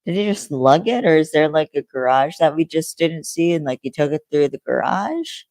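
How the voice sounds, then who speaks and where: A woman's voice: sits low, very animated, normal speed, a little mellow, no room sound, low-quality recording. A young woman co-hosting a podcast, retelling a TV episode's plot in a rambling, chatty way with frequent fillers. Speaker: podcast co-host. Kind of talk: casual episode recap chat.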